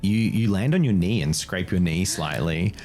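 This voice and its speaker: Deep-voiced guy game mastering, lively up and down delivery, soft music behind. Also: moderate pace. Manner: hesitant, restarts mid-sentence while describing scenes. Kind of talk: narrating a tabletop game.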